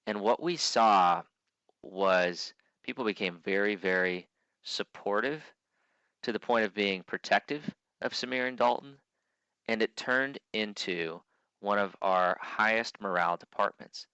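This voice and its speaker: A man's voice: fairly low pitch, a little slow, pushed and bright, smooth, no echo, lo-fi sound. A man giving a conference keynote speech, telling stories earnestly and often restarting his sentences. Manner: earnest storytelling with frequent restarts. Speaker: keynote speaker.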